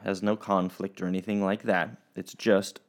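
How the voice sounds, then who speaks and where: Man teaching kids, friendly and rambling, fairly low voice, young adult. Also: level tone, normal speed. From Oregon, US. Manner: friendly, rambling, with restarts and fillers. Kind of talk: recorded remote lesson for children.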